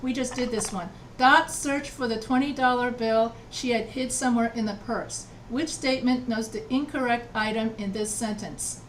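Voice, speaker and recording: A woman's voice: on the high side, fairly even intonation, moderate pace, few pauses, recorded from a distance, a little hiss or hum. A woman writing instructor teaching an online class, patiently repeating answers and checking that students follow. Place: video call from home.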